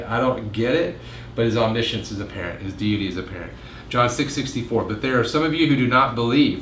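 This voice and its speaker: A pastor giving a casual midweek Bible teaching, chatting with jokes and asides and acting out quoted lines in a raised voice. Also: male voice, a bit bright. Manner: conversational, jokes and asides, acts out quotes with rising pitch. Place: meeting room. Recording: roomy echo, faint room noise.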